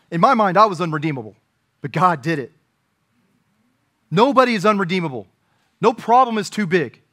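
Earnest higher-voiced preaching man. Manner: earnest preaching, rising to emphatic peaks and dropping to quiet asides. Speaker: pastor. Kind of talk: sermon.

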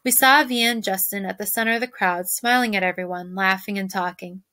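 A woman, a teacher, reading a children's novel aloud to her class in a lively storytelling manner. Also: medium pitch, brisk, no echo. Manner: lively, shifts voices for characters.

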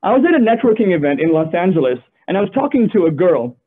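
Doing stand-up over a video call, a young Gulf man tells his stories quickly in a husky voice that sits high, animated and full of playful asides. The sound is tinny, like a phone line.

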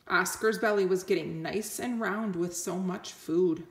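A woman reading a picture book aloud slowly and gently, explaining words for children. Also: lowish voice. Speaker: storyteller.

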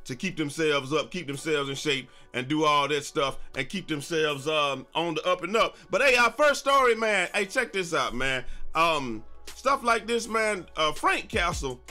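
A man hosting a casual gaming news vlog, talking in an energetic, slangy, sing-song way. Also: fairly high pitch, moderate pace, hardly any pauses, soft background music.

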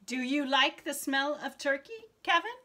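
A young adult woman teaching an English lesson online to a child, slow and encouraging, with lots of praise. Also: high-pitched, pushed and bright.

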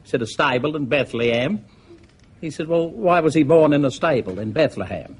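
A man's voice: a little high, expressive, fairly quick, husky. A man with an Australian accent, a comedian telling jokes in an easygoing yarn-spinning way, full of "he said". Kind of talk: stand-up joke telling.

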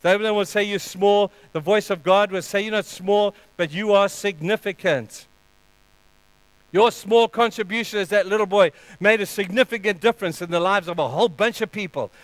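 A pastor with a high, resonant voice preaches at a moderate pace, hitting key lines with sudden loud emphasis before dropping to a hush, and he leads a closing prayer. The sound is close and dry, without room echo.

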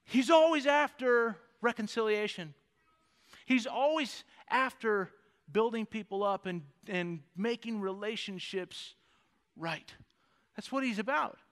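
A male pastor delivers a lively sermon with a very high, bright voice. His tone is smooth and clear, and he acts out the voices he quotes. The sound rings with a long church-hall reverb. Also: unhurried. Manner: animated preaching, acts out voices of God and David. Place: church sanctuary.

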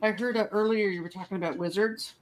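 Brief: woman, middle pitch, teasing and blunt in a casual chat. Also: fairly even intonation, fast talker, poor audio.

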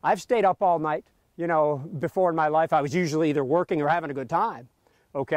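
A man with a fairly high voice leads a group across a battlefield and tells its history with lively energy. He keeps tagging his points with a quick "okay?". His voice sounds close and dry, with little room sound around it. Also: no room sound. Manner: lively storytelling, tags lines with "okay?". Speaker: battlefield tour guide. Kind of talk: outdoor history lecture to a group. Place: outdoors on a battlefield.

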